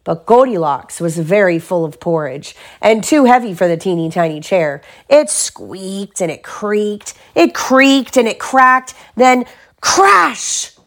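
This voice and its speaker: A young mother reads a bedtime picture book aloud, her voice swooping up and down with lively expression. She gives the story a playful, animated read, pitched at a middle level for a woman. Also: measured pace, few pauses.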